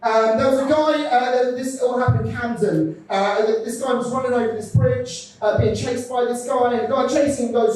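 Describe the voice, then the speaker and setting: A man's voice: very high voice, moderate pace, hardly any pauses, recorded from a distance. Man doing stand-up in an echoey club. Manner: animated storytelling, acts out friends' voices. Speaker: stand-up comedian. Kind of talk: stand-up set. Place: comedy club stage. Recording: echoey room, voice from afar.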